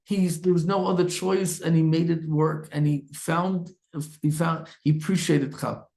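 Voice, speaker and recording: In a Torah talk, a rabbi narrates a story at a moderate pace, his voice fairly high and gravelly. He brings the characters to life animatedly, restarting himself many times as he goes.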